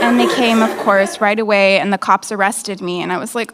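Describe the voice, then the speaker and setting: A woman's voice: medium pitch, lively intonation, brisk, hardly any pauses, a bit bright, a faint crowd, a little hiss or hum. A woman performing a stand-up comedy set on a nightclub stage into a handheld mic, with a brash, frank, conversational delivery.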